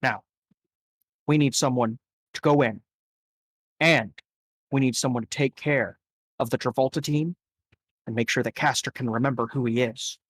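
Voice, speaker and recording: A man voicing a calm gang boss who lays out a job in a measured, deliberate way during a tabletop game. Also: medium pitch, breathy edge, no echo, pitched below the performer's own voice, close to an everyday voice. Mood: businesslike. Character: calm gang boss briefing a hired gun.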